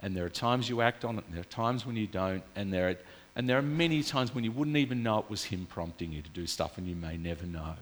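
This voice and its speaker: A man's voice: lowish voice, quick pace. A man preaching a casual, story-filled sermon in a church. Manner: chatty, storytelling, animated with laughs. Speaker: pastor. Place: church hall. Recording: reverberant church hall.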